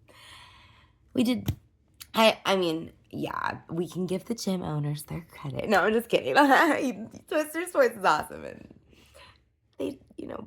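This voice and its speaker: A woman's voice: on the low side, creaky, slightly rough. A woman in her thirties talking in a casual personal vlog, rambling with many restarts and fillers, emotional and easily worked up. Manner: rambling, restarts often, lots of "like" and "you know". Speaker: vlogger.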